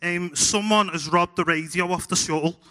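A man's voice: sits high, moderate pace, bright, forceful tone. A man with a Scouse accent voicing a flustered male astronaut radioing base in a chatty, matter-of-fact way.

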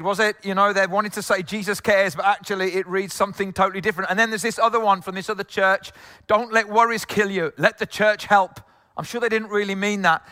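Male pastor, from England, high bright tone, chatty jokey sermon in a reverberant hall. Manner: conversational, jokey, many asides.

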